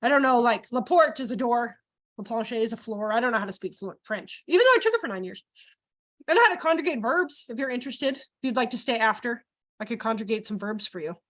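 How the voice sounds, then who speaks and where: A young woman with a high voice leads a child care workshop. She jokes with her audience and acts out the voices of the children and adults she quotes. Her talk stays loose and lively from start to finish. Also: fast. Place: training workshop room.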